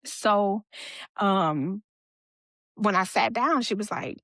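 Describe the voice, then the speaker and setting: A young woman appears as a podcast guest, sharing a personal story conversationally, quoting what others said and using fillers along the way. Her medium-pitched voice is fairly bright and slow, captured in a dry, studio-quality recording.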